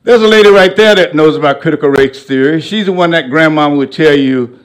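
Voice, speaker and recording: Older man, guest speaker in a college hall; folksy, humorous storyteller with a preacher's cadence and a fairly high voice. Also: a little fast. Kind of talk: public lecture with storytelling.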